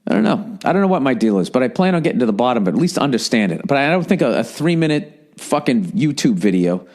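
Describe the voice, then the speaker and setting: Middle-aged man, exasperated, swearing constantly, rambling podcast rant, mid-pitched voice. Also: big pitch swings, fast talker, darkish tone. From United States. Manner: frequent profanity, exasperated, mimics people in high voices. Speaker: podcast host. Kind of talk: rambling comic monologue.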